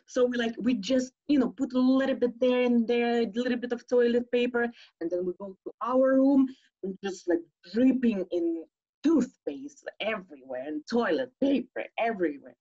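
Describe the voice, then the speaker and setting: A woman telling a personal story on a stage show, animated, acting out the voices she quotes. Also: a little high, moderate pace. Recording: slightly dull lo-fi audio.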